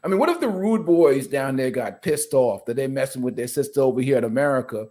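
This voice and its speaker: A man joking through a casual podcast conversation, animated and playfully exaggerating. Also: mid-range voice, quick pace.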